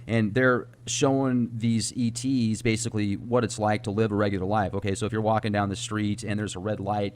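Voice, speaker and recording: A man hosts a relaxed interview chat, reacting with enthusiasm and laughing often. His voice sits fairly low. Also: slight background noise. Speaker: host.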